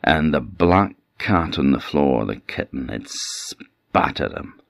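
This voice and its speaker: Very deep-voiced Orcadian storyteller. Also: male voice, takes it slowly, creaky, dry recording, clean studio sound. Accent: Orcadian Scots. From Orkney Islands. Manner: lively, dramatic storytelling. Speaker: traditional storyteller. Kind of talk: oral folktale telling.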